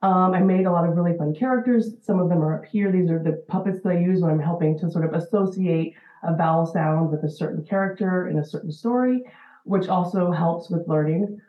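A woman in her forties speaking as an educator guest, explaining in an earnest, steady way. Her voice sits a bit low. It comes through a tinny, phone-like line with a roomy echo around it. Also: brisk. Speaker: special-needs educator guest. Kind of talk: interview answers.

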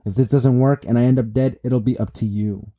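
A man reading the lines of a wounded, exhausted male swordsman in a flat, strained way. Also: medium pitch, a little fast, natural voice. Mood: grim.

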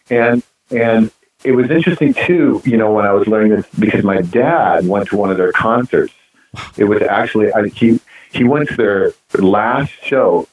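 A male musician guest tells stories in a fairly low voice, animated and prone to repeating words as he goes. His audio carries a noticeable roomy echo. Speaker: guest musician, band frontman. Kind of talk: casual interview storytelling.

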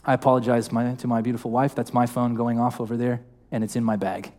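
A man's voice: mid-range voice, level tone, fast talker, darkish tone. A young man preaching a sermon in a church, speaking casually and asking the congregation questions. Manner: conversational, asks the congregation questions. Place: church hall.

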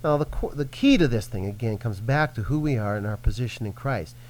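A man's voice: mid-range voice, brisk, rough recording. A man speaking as a Christian minister, teaching earnestly in conversation and acting out quoted voices. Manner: earnest, animated preaching with acted-out quotes. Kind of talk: teaching in a radio-style conversation.

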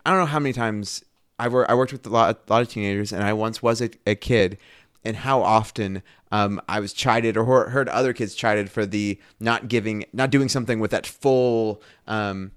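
Guy on a bible podcast, low smooth voice, dry close mic, gets pretty animated thinking it through. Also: no room sound. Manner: animated, thinking aloud with restarts. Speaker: podcast co-host. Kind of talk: casual chat about scripture.

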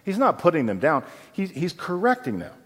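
A man's voice: a little high, huge pitch swings, a little fast, fairly bright tone, breathy edge. A man preaching a sermon as pastor, conversational and often asking his congregation questions. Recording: long hall reverb.

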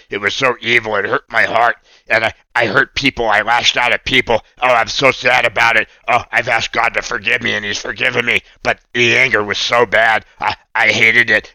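A man voicing an excitable, earnest young male puppet friend on a radio show, gushing and eager to jump in. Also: lowish voice, dry recording. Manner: gushing, eager, keeps jumping in. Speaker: puppet co-host.

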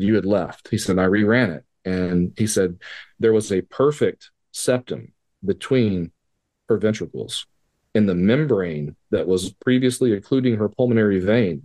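Fairly low in pitch and a little mellow, this man's voice carries a personal story he shares as a podcast guest. His language is casual and profane, and he performs the dialogue with quoted voices in a conversational storytelling manner.

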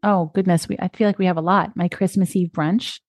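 A woman co-hosting a podcast, chatting in a relaxed way and laughing easily. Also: lowish voice, fairly quick. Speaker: podcast co-host. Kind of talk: casual chat.

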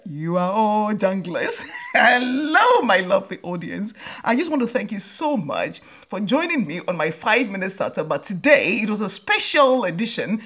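A woman hosting a humorous monologue, often laughing and repeating phrases for comic effect in a mock-rallying address. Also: mid-range voice. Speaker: host.

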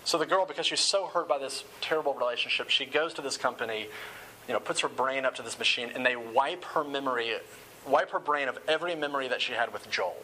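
A man preaches to a live audience in a room, his voice bright and forceful, at an ordinary middle pitch. He talks earnestly but conversationally and drops in casual asides. A faint noise sits behind him. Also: fast talker, poor audio. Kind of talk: sermon.

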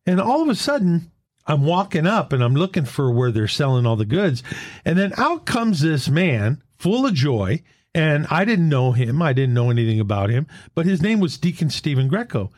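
Earnest male storyteller, faith talk, very animated intonation, dry close sound. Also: fairly high pitch, moderate pace, no room sound. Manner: earnest testimony, retelling dialogue in a lively back-and-forth. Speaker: Catholic men's fellowship leader. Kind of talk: faith-sharing conversation with storytelling.

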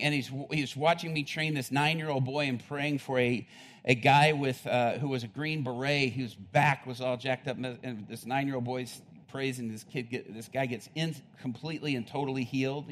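A man preaching a sermon, telling a story with rising excitement, laughing often and building to loud peaks. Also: fairly high pitch.

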